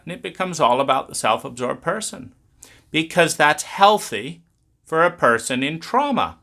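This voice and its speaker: A man's voice: fairly high pitch, big pitch swings, moderate pace, creaky, bright, forceful tone. A man explaining trauma in a blunt, emphatic talk, swearing freely. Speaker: trauma educator.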